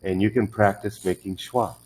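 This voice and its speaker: A man's voice: on the low side, steady tone, normal speed, darkish tone, poor audio. A man teaching English pronunciation one on one, patiently modelling words and correcting the learner's drills.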